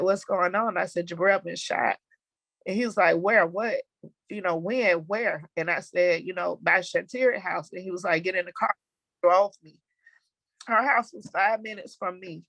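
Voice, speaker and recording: A middle-aged woman with a Southern American accent, telling her own story in a halting, emotional personal testimony. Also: on the low side, a bit bright, dry recording.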